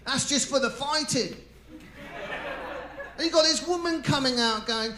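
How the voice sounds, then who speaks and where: A high-voiced man performing stand-up in a live comedy club, bright and forceful. He tells his stories with animated acted-out voices and shouted punchlines. The room is echoey, with a faint hum of audience behind him. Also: a little slow, long pauses. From England.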